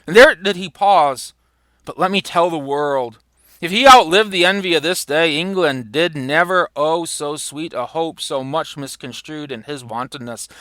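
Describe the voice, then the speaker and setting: A man's voice: fairly high pitch, unhurried, fairly bright tone, dry recording. A man reading the lines of a nobleman praising a young prince in a Shakespeare play. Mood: admiring.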